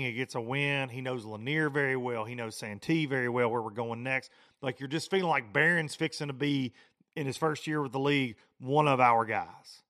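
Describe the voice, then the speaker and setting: A man, hosting a podcast and telling a fishing tournament story in a lively, rambling way. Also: medium pitch. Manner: animated storytelling, frequent restarts and repeats. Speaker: podcast host. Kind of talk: casual podcast monologue.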